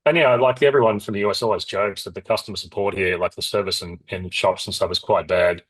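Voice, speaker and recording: Middle-aged aussie guy rambling away quick in an interview, lowish husky voice, dry sound. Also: no echo, poor audio. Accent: Australian. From Australia. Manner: rambling, animated, frequent restarts and asides. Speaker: company founder, interview guest. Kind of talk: casual interview talk.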